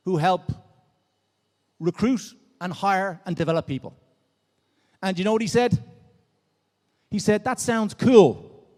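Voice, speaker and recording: Irish male keynote speaker, upbeat and interactive, higher voice, recorded in a long-reverb conference hall. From Dublin, Ireland. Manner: upbeat, drawing the crowd in with show-of-hands questions. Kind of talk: energetic interactive stage talk. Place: large conference hall on stage.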